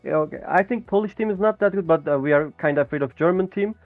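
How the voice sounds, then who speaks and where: A male player answering post-game questions in a halting, hesitant way, often restarting his sentences. He comes through a thin, tinny call line with no room echo at all. Faint music sits underneath. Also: a little high, gravelly. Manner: halting, hesitant, repeats words. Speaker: pro player being interviewed.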